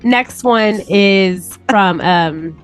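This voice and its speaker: A woman co-hosting a podcast in casual chat, chatty and quick to laugh. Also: medium pitch, clean tone, soft background music. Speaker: podcast co-host.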